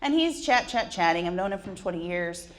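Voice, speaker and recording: A woman in her forties with a fairly low, expressive voice talks a little fast as she entertains a conference crowd with wry stories mocking herself, often cracking up at her own jokes.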